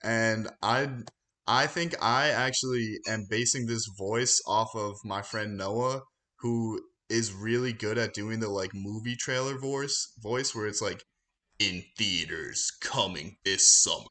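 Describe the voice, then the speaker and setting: A man's voice: on the low side, steady tone, unhurried, pushed and bright. A man on a podcast chatting casually, self-deprecating and laughing. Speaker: podcast contributor.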